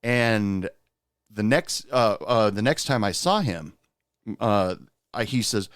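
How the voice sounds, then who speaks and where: A man's voice: lowish voice, animated, measured pace, a bit bright, no echo, clean studio sound. A man hosting a podcast, telling a personal story in a candid, rueful, conversational way. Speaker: podcast host.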